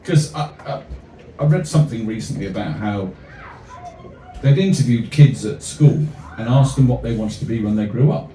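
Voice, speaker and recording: A man performing comic rhyming poems to a live cafe audience, with wry, deadpan asides between pieces. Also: mid-range voice, moderate pace. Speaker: performance poet. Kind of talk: live comic poetry reading. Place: small cafe venue with an audience. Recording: roomy, distant audience recording.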